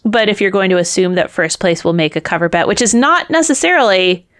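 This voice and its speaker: A woman's voice: mid-range voice, lively intonation, fairly quick, fairly bright tone. A woman co-hosting a casual podcast, analytical, explaining trivia and wagering strategy. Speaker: podcast co-host. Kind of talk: casual game-show recap chat.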